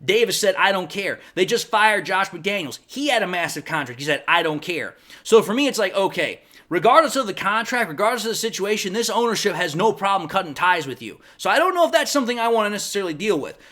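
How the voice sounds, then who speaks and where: Casting: man with a higher-pitched voice, chatty sports vlogger, opinionated, stumbles over words. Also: sing-song, fast, hardly any pauses, sharp tone. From Detroit Lions fan. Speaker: sports fan channel host. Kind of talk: casual sports commentary vlog.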